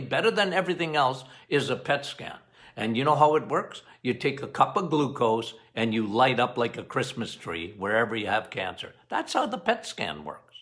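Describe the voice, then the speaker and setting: A middle-aged doctor hosts a health podcast, speaking straight to listeners in an animated, slightly high voice. He goes off on tangents, repeats phrases for emphasis, and quotes patients in playful voices.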